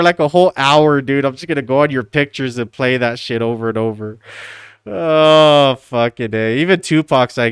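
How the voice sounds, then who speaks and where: A man's voice: medium pitch, lively intonation, normal speed, smooth, no echo, clean studio sound. A man on a casual live stream, teasing and swearing, who keeps breaking into laughter and calls everyone dude. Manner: slangy, says dude constantly.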